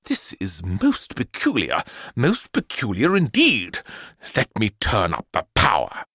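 A man voicing a frantic, eccentric male professor inventor in a storybook reading, shouting and shrieking with high laughter. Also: huge pitch swings, measured pace, breathy edge, no room sound, clean studio sound, full character voice. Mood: puzzled.

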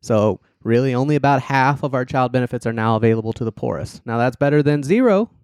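A man with a mid-range voice co-hosts a casual podcast. He lays out policy details carefully and breaks them up with deadpan jokes. The recording is close and dry. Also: mid-range voice, fast talker, clean tone, no room sound. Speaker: podcast co-host, policy analyst.

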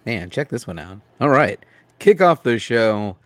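A man's voice: medium pitch, very animated, unhurried, no echo. A man co-hosting a live stream, upbeat as he welcomes viewers and runs through listings. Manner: upbeat, reads collectible listings. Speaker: co-host. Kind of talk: casual live-stream chat.

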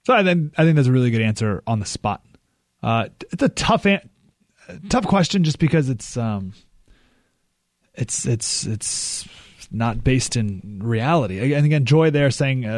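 A man's voice: mid-range voice, dry recording. Chatty male radio host, dry studio sound. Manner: conversational, restarts often, joking sarcasm. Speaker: radio talk show host. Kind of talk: call-in radio talk.

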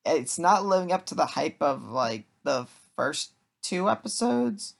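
A man's voice: fairly high pitch, very animated, unhurried, vocal fry. A man co-hosting a casual chat about anime, teasing and joking dryly.

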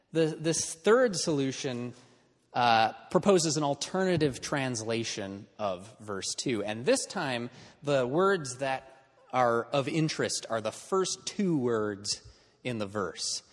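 A man's voice: medium pitch, animated, takes it slowly, big-room sound. A man teaching an in-person class in a conversational lecture style, checking in with his students as he explains.

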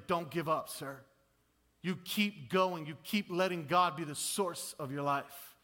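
A male pastor delivers a fervent sermon with a slightly high, bright voice. He swings from loud exhortation to quiet, intimate appeals, stumbling over repeated words as he presses his point. His voice rings out with a long reverb in a large sanctuary. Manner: impassioned, swings between booming and hushed, repeats words. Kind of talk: sermon with altar call. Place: church sanctuary.

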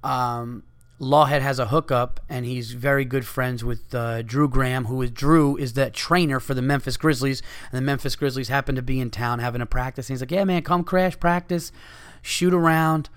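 A man's voice: medium pitch, flat delivery, a little fast, smooth. A man hosting a podcast, telling a story in a casual, rambling way with lots of swearing, fillers and asides. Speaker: podcast host.

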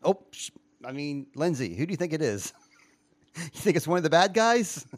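Animated man hosting a quiz chat. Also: fairly high pitch, normal speed, no room sound. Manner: playful, animated, laughs often. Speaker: podcast host quizzing co-hosts. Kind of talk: casual chat.

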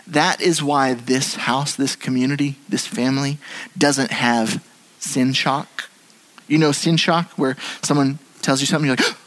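A man preaching a sermon as pastor in a church, moving between hushed and animated delivery. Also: a little high, moderate pace, low-quality recording. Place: church sanctuary.

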